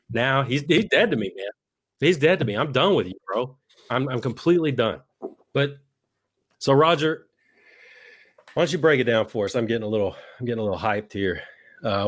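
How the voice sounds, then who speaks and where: A man co-hosting a podcast, talking politics in a heated, profane, mocking way, his voice jumping into high-pitched outbursts. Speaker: podcast co-host.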